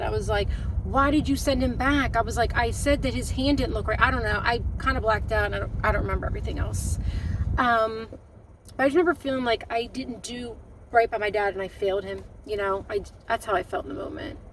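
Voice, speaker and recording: A middle-aged woman vlogging, recounting a painful family story with emotion, halting and often restarting her sentences. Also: fairly high pitch, distant mic, a little hiss or hum, rough recording. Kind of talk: personal storytelling to camera.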